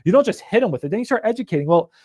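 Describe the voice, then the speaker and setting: Man, high-pitched casual coach, animated and profane, dry close sound. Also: rapid-fire, no echo. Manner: animated, profane, acts out phone calls. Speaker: real estate investing coach.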